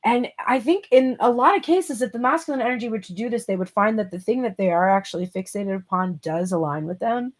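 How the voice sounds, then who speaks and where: A woman giving a channeled tarot reading, talking casually and thinking aloud, with excitable bursts of emphasis. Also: mid-range voice, brisk, few pauses. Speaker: tarot reader.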